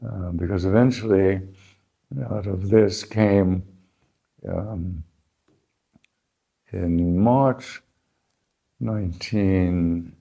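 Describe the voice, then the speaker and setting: An older American man telling his life story in an unhurried, reflective way, pausing and restarting as he remembers. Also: sits low, fairly even intonation, gravelly, warm tone, slightly rough. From United States. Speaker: interviewee, founding principal.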